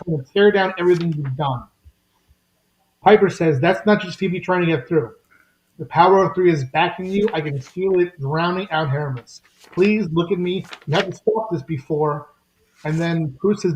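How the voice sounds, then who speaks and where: A man on a podcast recapping a comic in casual chat, reading lines briskly and giving his opinions. His voice sits a little high. The sound is roomy and somewhat dull. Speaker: podcast co-host.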